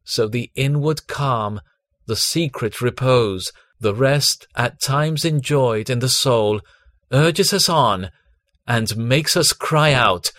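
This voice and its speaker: Slow, solemn man reading a sermon. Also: mid-range voice, fairly bright tone, dry recording. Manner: slow, solemn, measured reading with long pauses. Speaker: devotional reader. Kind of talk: read devotional sermon.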